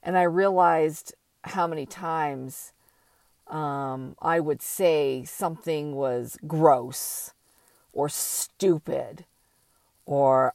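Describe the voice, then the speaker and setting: An older woman talking slowly and thoughtfully in a reflective personal monologue, with many pauses and fillers. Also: low voice, creaky, a little mellow, dry recording.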